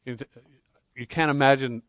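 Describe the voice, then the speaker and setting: A man preaching a sermon, earnest, swinging between loud emphasis and quiet intensity, often repeating words as he starts a phrase. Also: mid-range voice, fairly even intonation, moderate pace, no echo. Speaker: pastor.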